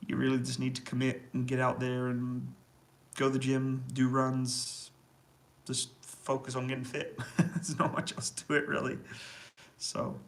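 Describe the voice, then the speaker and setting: Speaking at a measured pace in a totally flat, medium-pitched voice with vocal fry, a YouTuber answers his live chat from an indoor army accommodation room. He reads comments aloud and replies casually, laughing frequently, over a rough recording.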